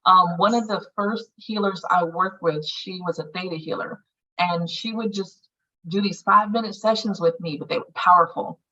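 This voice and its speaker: A woman with a low, bright and forceful voice guides a healing circle in casual, earthy talk with frequent swearing. She sounds distant from the mic, and the audio is dull and lo-fi. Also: moderate pace, a little hiss or hum. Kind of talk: casual group guidance on meditation.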